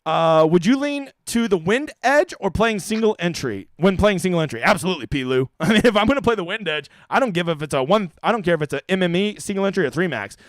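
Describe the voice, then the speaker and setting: A man's voice: high voice, lively intonation, fast talker, few pauses, dry recording, clean studio sound. A man hosting a casual live-stream Q&A, reading viewer questions aloud and answering them bluntly, with the odd swear word. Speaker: fantasy golf streamer.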